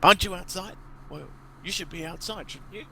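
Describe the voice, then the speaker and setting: A man's voice: sits high, fairly quick, vocal fry, bright, forceful tone, a little hiss or hum, pitched above the performer's own voice, full character voice. A man voicing a vicious, bossy male goblin boss who barks coarse, swearing orders. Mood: suspicious.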